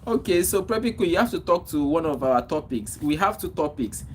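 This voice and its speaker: A man's voice: a little high, animated, fairly quick, a little hiss or hum, rough recording. Nigerian man hosting a casual livestream. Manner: repetitive, reads and answers chat comments, preachy advice. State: repeatedly coughing and clearing throat. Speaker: livestream host. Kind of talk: casual livestream chat with viewers.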